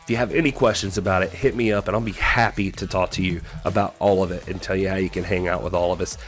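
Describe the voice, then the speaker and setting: A man hosting a podcast, giving a casual and opinionated wrestling recap with animated storytelling and exasperated asides. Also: low voice, fast talker, soft background music. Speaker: podcast host.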